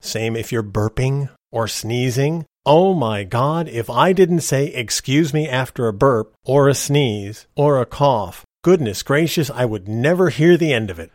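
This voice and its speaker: A man's voice: mid-range voice, expressive, unhurried, few pauses, no room sound, clean studio sound. A middle-aged man hosting a podcast, telling personal stories in a folksy, opinionated, ranting way. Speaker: podcast host. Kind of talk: personal storytelling monologue.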